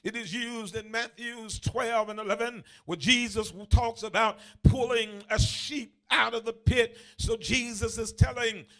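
A bishop delivers a sermon in a high, gravelly voice. He preaches unhurriedly, drawing out words and climbing into shouted, chant-like repetitions, with frequent "uh" fillers between phrases. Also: steady tone, a little slow, few pauses, faint music behind. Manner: rising into shouted, sung cadences with repeated phrases.

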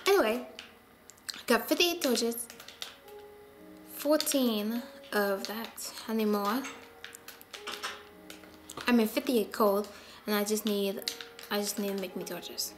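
A woman giving casual gameplay commentary as host of her own channel. She is excitable and chatty and drops to mutters while she plays. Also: medium pitch, takes it slowly, long pauses, faint music behind.

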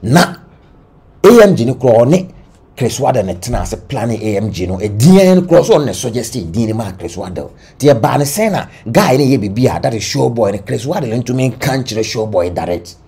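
A man with a Ghanaian accent giving animated entertainment-news commentary, switching between Twi and English. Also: mid-range voice, a little fast, breathy edge. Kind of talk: gossip commentary.

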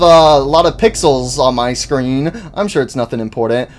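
A young man hosting a horror game let's-play, rambling and jittery, who bursts into high-pitched panicked yelling. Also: normal speed, slight background noise. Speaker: gaming channel host.

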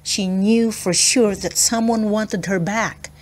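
A woman reading a children's chapter book aloud, clear and expressive. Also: mid-range voice, slow. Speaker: storybook reader.

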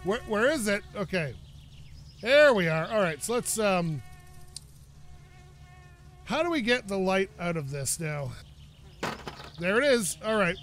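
A man's voice: sits high, big pitch swings, slow pace, long pauses, fairly bright tone. A young man casually narrating his own gameplay, talking to himself and swearing when frustrated. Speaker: gaming YouTuber. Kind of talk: casual let's-play commentary.

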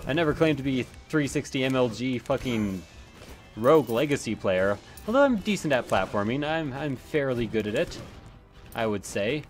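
A man narrates his game run in a loose, chatty way, cursing at enemies and wandering off topic. His voice sits at an ordinary pitch for a man. Faint music plays underneath. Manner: chatty, swears often, rambling asides. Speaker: let's play gamer. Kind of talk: casual gameplay commentary.

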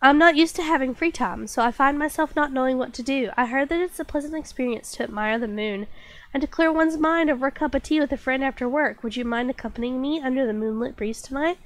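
A woman's voice: high-pitched, fast, natural voice. A woman recovering from a cold and reading out a courteous letter from a dutiful female secretary. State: recovering from a cold, stuffy nose.

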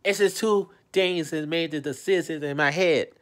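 A man's voice: fairly high pitch, moderate pace. A man from Charlotte, talking to his viewers in an emotional vlog, pleading and repeating himself. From Charlotte, North Carolina. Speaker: vlogger. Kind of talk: emotional direct-to-camera vlog. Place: his home city.

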